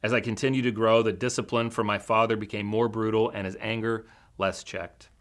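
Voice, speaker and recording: A man preaching a sermon as a teaching pastor in a church, with an earnest, measured storytelling delivery. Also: on the low side, flat delivery.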